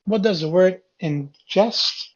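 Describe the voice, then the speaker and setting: A male teacher talks through quiz answers at an unhurried, deliberate pace, saying key words again and again until they stick. His voice comes through a dull, lo-fi classroom recording. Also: high voice. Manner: repeats key words patiently, explaining step by step. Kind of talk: going over a reading quiz with a class.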